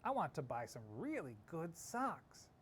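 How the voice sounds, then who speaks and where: A man voicing an eager, determined young girl in a read-aloud storybook, high and insistent. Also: sing-song, measured pace, slightly rough, full character voice.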